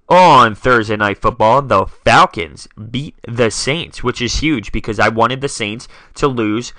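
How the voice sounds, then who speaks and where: A man's voice: mid-range voice, unhurried, few pauses, pushed and bright, dry recording. A young man hosting a solo sports talk podcast, dramatic and self-mocking as he rattles off scores. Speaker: podcast host.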